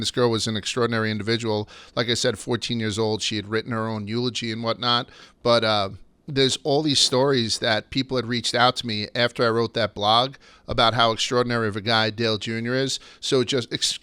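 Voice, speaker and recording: A man's voice: medium pitch, bright, forceful tone, smooth, no echo. A man hosting a casual podcast, telling stories loosely and swearing freely. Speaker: podcast host.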